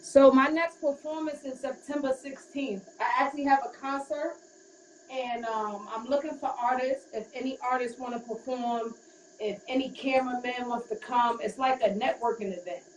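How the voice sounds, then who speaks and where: A woman rapper from Queens, New York, chatting casually in an interview with a relaxed, rambling manner and many fillers. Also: high-pitched, normal speed. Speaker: rapper guest. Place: hotel room while getting ready. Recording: roomy, distant, faint background noise.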